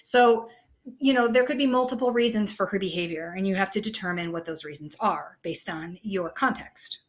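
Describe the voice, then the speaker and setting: Speaking at a moderate pace in a mid-range voice, a woman teacher walks through an online lesson casually. She is conversational, frequently dropping in "okay" and "you know" as she explains.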